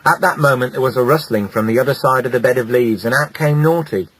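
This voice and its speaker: A man narrating a children's animal storybook in a lively, playful way. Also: mid-range voice, quick pace, rough recording. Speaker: audiobook narrator.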